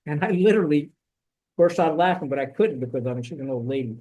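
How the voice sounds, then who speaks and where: A middle-aged man and former Marine telling a war story in a casual podcast chat, animated, swearing now and then and acting out what people said. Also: medium pitch, a little fast, rough recording.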